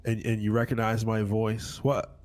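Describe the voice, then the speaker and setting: A man's voice: lowish voice, monotone, moderate pace, darkish tone. Man pressing questions in role-play. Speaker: police officer in a role-play. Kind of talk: in-character game role-play.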